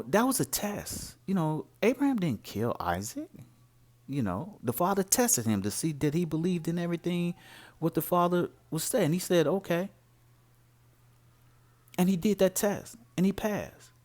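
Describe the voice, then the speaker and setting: Animated man preaching with lively pitch. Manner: animated, emphatic, rhetorical questions. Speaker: religious commentator. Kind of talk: informal preaching to camera.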